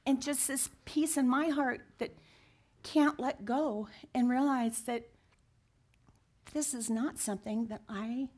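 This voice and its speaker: Telling her story in an interview, a woman in her sixties speaks with sincerity and feeling, now and then dropping to a near whisper. Her voice is fairly high and a little mellow.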